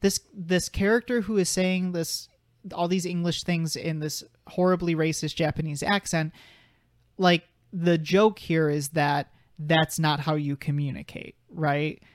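A man's voice: a little high, steady tone, measured pace, no room sound, clean studio sound. A young man co-hosting a podcast, talking through a film in a casual, thoughtful way and arguing his point at length. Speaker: podcast co-host.

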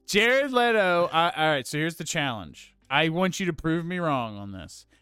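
A man's voice: on the high side, big pitch swings, normal speed, pushed and bright, clear, resonant tone, no room sound, studio quality. A man giving blunt, opinionated film criticism in casual chat, swearing freely.

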